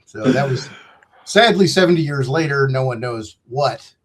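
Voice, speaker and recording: A man's voice: mid-range voice, lively intonation, normal speed, background noise. Man in his fifties, loose and digressive, chatting over a video call. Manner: rambling, joking, digressive. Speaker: game designer guest. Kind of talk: casual interview chat.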